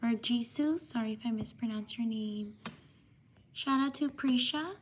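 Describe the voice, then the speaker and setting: A woman hosting a livestream, reading out viewers' names slowly and apologizing when she might have mispronounced them. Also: a little high, a little hiss or hum. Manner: slow, apologetic, drawn-out shout-outs. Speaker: livestream host. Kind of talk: livestream shout-outs.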